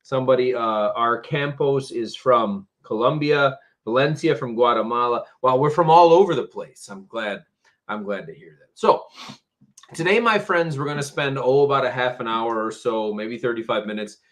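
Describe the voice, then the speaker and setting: A man teaching English phrasal verbs on a live stream, patient and slow, repeating words for learners. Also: medium pitch, fairly bright tone. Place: home, Tampa area.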